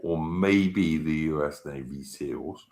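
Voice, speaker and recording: A man with a British English accent chatting on a stream, blunt and sweary, telling stories in an animated way. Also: rumbling low, takes it slowly, echoey room. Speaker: regular guest on a stream. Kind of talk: casual chat.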